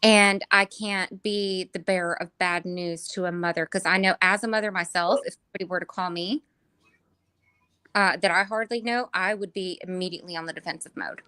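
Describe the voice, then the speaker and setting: A woman guest speaking in a weary, flat way, halting with restarts and fillers. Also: lowish voice, clean tone, no echo.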